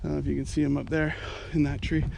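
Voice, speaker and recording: A man, a falconer, narrating a casual outdoor hunting vlog, a bit out of breath and excitable when his hawk hunts. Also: on the high side, rapid-fire, creaky. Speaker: falconer vlogger. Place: outdoors in fields and woods. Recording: outdoor noise behind the voice.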